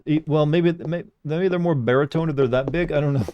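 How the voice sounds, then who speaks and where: A man's voice: a little high, a little fast, warm tone, dull audio, a little hiss or hum. A young man streaming a game, joking and sarcastic as he reads its dialogue aloud. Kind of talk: casual gameplay commentary.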